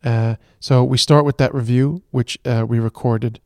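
An Irish man co-hosts a podcast from a moving car, chatting casually in loose phrases he often restarts, with traffic and train noise around him. His mid-range voice is steady, unhurried, and a little mellow, and the recording is dry.

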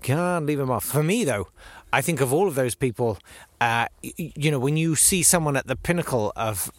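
A man's voice: mid-range voice, expressive, normal speed, no echo. A man hosting a podcast in casual chat, rambling and cutting himself off, recorded outdoors in a field. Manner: rambling, self-interrupting. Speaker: podcast host.

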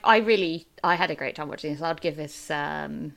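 A woman co-hosting a film podcast, talking in a relaxed, hesitant way with frequent restarts. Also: low voice, a little fast, creaky. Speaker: podcast co-host. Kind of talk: casual film review chat.

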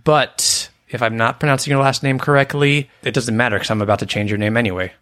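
A man's voice: mid-range voice, steady tone, fast talker, fairly bright tone. A man co-hosting a podcast in playful casual chat, teasing his co-host and making up food puns.

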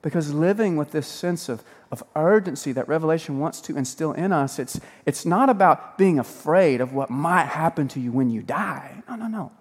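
Pastor, man, sermon; playful, swings loud to hushed; reverberant church hall. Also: fairly high pitch, normal speed, hardly any pauses, husky. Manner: lively, joking, swings between loud and hushed.

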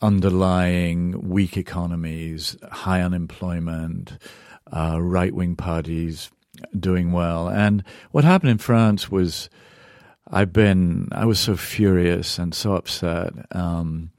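A man's voice: low voice, takes it slowly, a little mellow, no echo, clean studio sound. A middle-aged Englishman, an author and journalist answering interview questions in a thoughtful way, searching for words and turning emphatic when moved. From England.

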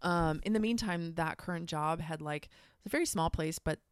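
Profane, animated woman telling a story. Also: sits low, moderate pace, clear, resonant tone, no room sound, studio quality. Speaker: guest. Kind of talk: casual storytelling chat.

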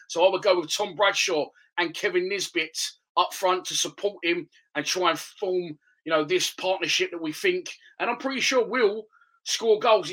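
Here a man gives his conversational, opinion-heavy fan take on the next game for his football podcast. His voice sits high and sounds a bit bright, though the audio is poor.

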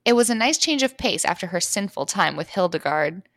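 A woman's voice: medium pitch, lively intonation, a little fast, few pauses, fairly bright tone, dry recording, studio quality. A woman hosting a podcast, reading erotic fiction aloud and laughing amusedly between passages. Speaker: podcast host and story reader.

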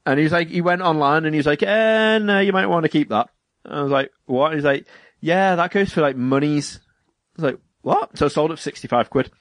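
A man's voice: fairly high pitch, fast talker, no echo. Young british guy rambling thru a podcast story, does little voices for quotes, dry mic. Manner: rambling storyteller, acts out quotes, laughs often. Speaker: podcast co-host. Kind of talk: casual chat.

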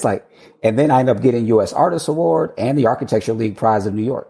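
A man, an architect guest on an interview show, telling his story in a lively, casual way, acting out his own past lines, laughing and swearing freely. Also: medium pitch, fast talker, creaky. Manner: animated, quotes himself, swears and laughs freely.

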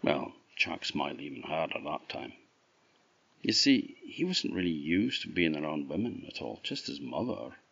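A man from Orkney with an Orkney Scottish accent, telling a folktale in an unhurried, expressive way. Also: deep voice, creaky, muffled recording. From Orkney, Scotland. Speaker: storyteller. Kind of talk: oral folktale storytelling.

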